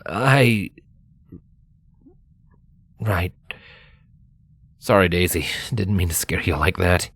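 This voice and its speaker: A man's voice: deep voice, expressive, slow pace, pauses often, fairly bright tone, breathy edge, full character voice. A man voicing a shaken young male pony who speaks hesitantly in a fan story reading. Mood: sheepish. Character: shaken young stallion, quiet and haunted.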